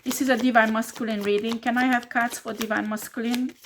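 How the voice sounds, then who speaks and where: A woman's voice: fairly high pitch, level tone, brisk, noisy background. A woman giving a tarot reading who scolds her listeners bluntly and swears a lot, in non-native English phrasing. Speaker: tarot reader.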